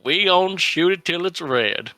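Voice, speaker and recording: A man voicing a brash shady business boss in a tabletop game, pitching like a salesman and leaping up into loud, high bursts. His voice swings wildly in pitch and sounds bright and forceful. It sits close and dry on the mic. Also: animated, a little slow, no room sound, exaggerated voice.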